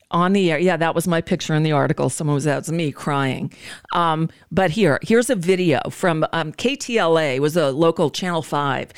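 Woman host rambling casually, crisp dry sound. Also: deep voice, dry recording. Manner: relaxed, rambling with fillers. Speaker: radio talk show host. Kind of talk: casual chat introducing an old clip.

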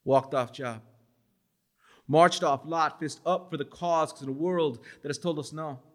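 A man's voice: a little high, measured pace. A man in his forties from Los Angeles performing spoken word poetry at a bookstore event, with emphatic, dramatic delivery and Spanish words mixed in. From Los Angeles, USA.

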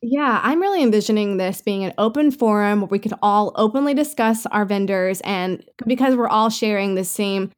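A woman's voice: mid-range voice, normal speed, hardly any pauses. A woman co-hosting a podcast in casual chat, talking in an upbeat, rambling way with lots of fillers. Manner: chatty, filler-heavy, upbeat. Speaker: podcast co-host.

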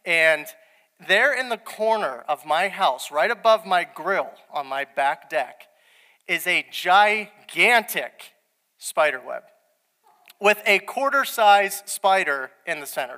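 A young man preaching a sermon, telling a story with lively quoted dialogue. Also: a little high, measured pace, in a large hall. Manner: storytelling, animated, quoting his wife in dialogue.

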